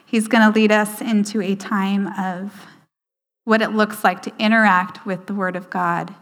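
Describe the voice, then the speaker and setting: A woman giving a sermon, slowing down for emphasis and dropping to a hushed voice for quoted lines. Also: medium pitch, little pitch movement. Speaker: speaker at a church service. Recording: hall reverb.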